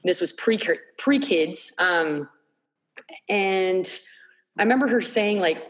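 Woman podcast guest, candid storyteller, halting and repetitive delivery. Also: medium pitch, lively intonation. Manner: halting, repeats words, many fillers.

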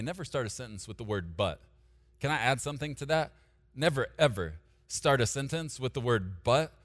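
A man pastor preaching a sermon, swinging from loud emphatic declarations to quiet asides while talking straight to the congregation. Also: mid-range voice, in a large hall. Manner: directly addresses the congregation, asking them to take notes.

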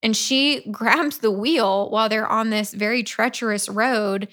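A woman co-hosting a casual book podcast, her voice sitting a little high. She retells scenes in an animated way, laughing often and swearing freely. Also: a little slow. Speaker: podcast co-host. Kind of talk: casual book review chat.

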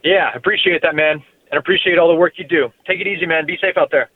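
A man's voice: on the high side, fairly even intonation, quick pace. A man calling in to a sports radio show, casual and laid-back. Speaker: caller. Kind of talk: call-in radio. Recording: tinny phone line.

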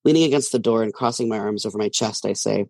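Guy reading his own novel out loud, gravelly mid voice, dry close sound, steady pace. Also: fairly low pitch, quick pace, no room sound. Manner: steady storytelling narration. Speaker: author reading his book. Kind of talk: first-person fiction reading.

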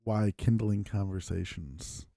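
A man's voice: fairly low pitch, a little slow, gravelly, mellow, dry recording, clean studio sound. A man with a Wisconsin accent, co-hosting a podcast and steering the casual talk to the next topic. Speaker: podcast co-host. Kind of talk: casual chat.

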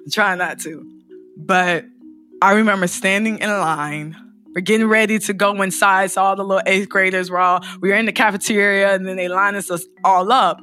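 A woman guest tells her own story in an interview, emotional and open. She has a bright, clear tone and acts out other people's lines with sudden high pitch. Soft music plays faintly behind her.

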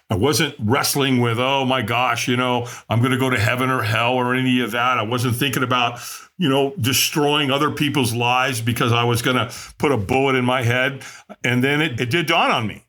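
Animated man telling his story. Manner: animated, acts out quoted voices with big pitch jumps. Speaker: podcast guest. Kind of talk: candid storytelling.

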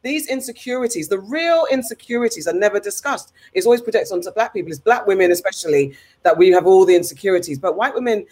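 Fast-talking opinionated woman. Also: medium pitch, lively intonation, darkish tone. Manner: rapid, emphatic opinionated talk. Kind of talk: casual chat.

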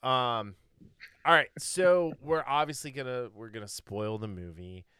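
A man's voice: mid-range voice, measured pace, sharp tone, smooth, no room sound, studio quality. A young man hosting a podcast in a laid-back, chatty way, laughing often. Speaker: podcast host. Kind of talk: casual chat.

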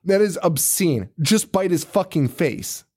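Guy ranting about a movie on a podcast, swears a lot, laughs, voice a bit high and jumping all over. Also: measured pace, breathy edge. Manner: profane, animated, laughs often. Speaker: podcast co-host. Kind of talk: casual movie review chat.

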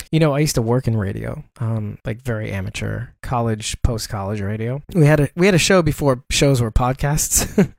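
A man's voice: medium pitch, vocal fry, a little mellow, dry recording, studio quality. A man, hosting a casual livestream show and rambling in a self-mocking way, chuckling often. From Brooklyn, New York. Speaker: podcast host. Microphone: desktop broadcast mic.

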